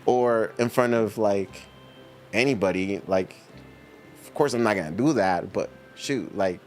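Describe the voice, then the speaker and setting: Soft music plays behind this middle-aged man, whose voice is lowish and somewhat dark, his pace measured. Hosting a livestream, he goes through viewer comments in an easygoing, slang-heavy chat, laughing a lot.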